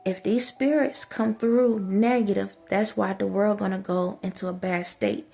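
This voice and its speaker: A woman's voice: mid-range voice, fairly even intonation, a little slow, gravelly, dark tone. A woman vlogger giving an impassioned spiritual monologue, repeatedly soothing and urging an unseen listener.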